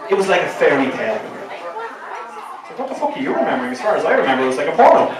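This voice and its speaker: Dublin-accented male stand-up, high, lively and foul-mouthed, heard from afar in a packed, echoey bar. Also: racing, pauses often. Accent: Dublin Irish. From Ireland. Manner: profane, animated storytelling. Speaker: stand-up comedian. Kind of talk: stand-up comedy set. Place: crowded bar at an open mic. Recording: echoey bar, far from the mic, crowd noise.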